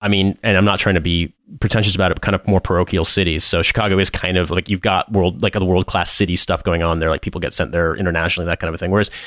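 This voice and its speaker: An American man hosting a podcast, chatting casually and rambling with quick self-corrections. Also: sits low, fairly even intonation, fairly bright tone, no room sound, clean studio sound. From Indianapolis, USA. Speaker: podcast host. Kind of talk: casual chat.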